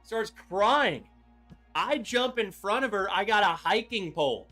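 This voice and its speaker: A man hosting a livestream, telling a story in an animated, excitable way with lots of "like"s. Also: high-pitched, measured pace, soft background music. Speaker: livestream host.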